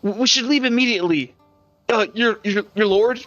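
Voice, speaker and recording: Brief: streamer as a scornful, jittery young woman, bright voice, slightly dull stream audio. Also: medium pitch, normal speed, soft background music, pitched above the performer's own voice, close to an everyday voice. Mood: flustered. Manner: scornful, then nervous and flustered. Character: bitter, sneering young woman in her twenties.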